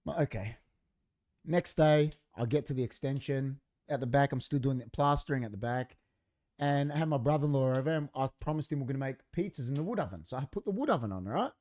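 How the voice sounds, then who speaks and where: A man's voice: mid-range voice, fast talker. A man on a podcast in a studio, telling a story in casual, profane chat and acting out what people said. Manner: profane, animated, acts out quoted dialogue. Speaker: podcast co-host.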